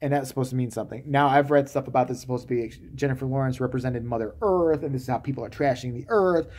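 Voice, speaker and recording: A man's voice: medium pitch, fast, darkish tone, slight background noise. A man giving a comedic, sarcastic movie-review rant, swearing freely and acting out the characters' lines.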